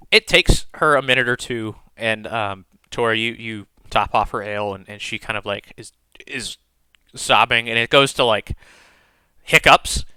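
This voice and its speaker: A man's voice: medium pitch, sharp tone, smooth, dry recording. A man narrating a tabletop game as game master, describing scenes in a rambling way full of fillers.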